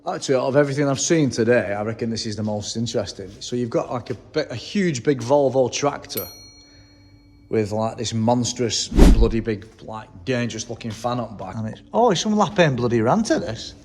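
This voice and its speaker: A man's voice: medium pitch, animated, a little fast, a little mellow, slight background noise. A man from England casually touring a tractor museum, reading out labels and swearing freely as he chats. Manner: chatty, swears freely, reads labels aloud. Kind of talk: casual walk-around commentary. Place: indoor museum hall. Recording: reverberant hall with faint ambience.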